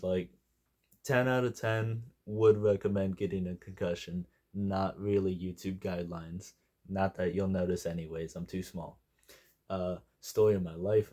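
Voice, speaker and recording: A man's voice: sits low, mellow. A young man giving a casual, unscripted movie review, rambling and jokey and wandering off on tangents.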